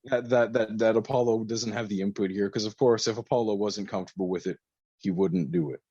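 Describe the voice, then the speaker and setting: A man co-hosting a wrestling podcast in casual chat, swearing often, getting excited and laughing a lot. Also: fairly low pitch, a little fast, vocal fry, slightly rough, no room sound, muffled recording. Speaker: podcast co-host.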